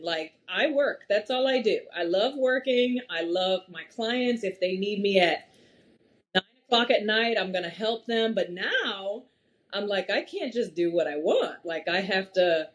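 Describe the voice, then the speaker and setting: Animated woman guest telling stories. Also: medium pitch. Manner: animated storytelling with frequent laughs. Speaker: podcast guest. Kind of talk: casual conversation.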